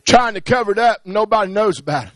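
A man preaching a sermon, swinging from hushed pleading to rising, shouted cadences. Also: sits high, animated, fast talker, dry recording.

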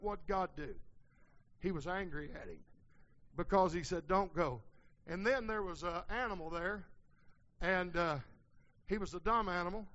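A man's voice: sits high, bright, forceful tone, dull audio. A man preaching a sermon, mixing folksy asides with sudden hollered peaks.

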